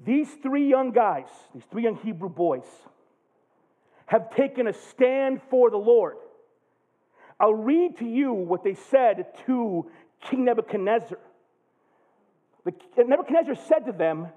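A man in his thirties preaching, telling a funny camp story with excitable, jokey energy and loud bursts. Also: high-pitched, a little slow. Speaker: pastor. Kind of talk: animated sermon storytelling. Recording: tinny phone-like sound.

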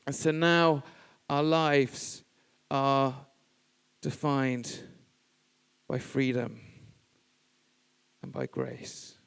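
A man preaching a sermon, speaking in measured, emphatic phrases with pauses. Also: medium pitch, creaky, clear, resonant tone. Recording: reverberant church hall.

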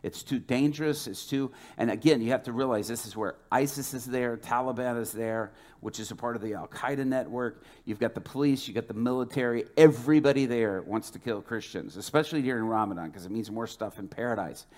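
A man preaching, telling a testimony as a lively storyteller who acts out the dialogue. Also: mid-range voice, brisk, hardly any pauses. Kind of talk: sermon testimony.

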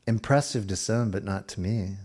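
A middle-aged man preaching a sermon, slowing down for emphasis and dropping to a near hush at times. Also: lowish voice, husky. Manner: expressive preaching, slows for emphasis and drops to a hush. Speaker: pastor.

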